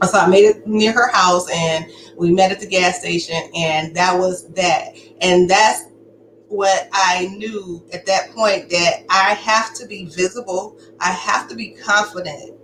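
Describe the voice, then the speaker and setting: A woman's voice: fairly low pitch, steady tone, measured pace, fairly bright tone. A woman giving a candid personal testimony, talking in a conversational, emphatic way. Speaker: storyteller sharing her survival story. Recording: echoey room with faint background noise.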